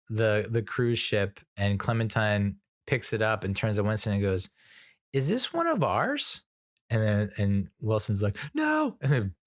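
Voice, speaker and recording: A man's voice: medium pitch, dry recording, studio quality. A man giving a casual spoken movie review, rambling with lots of fillers, restarts and frequent laughter.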